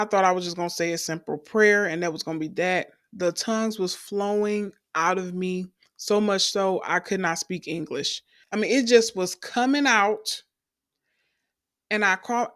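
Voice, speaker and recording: A woman's voice: medium pitch, dry recording. A young woman tells her personal faith testimony, earnest and direct. She has a mid-range voice and speaks to the listeners as y'all. The recording is dry, with no room sound.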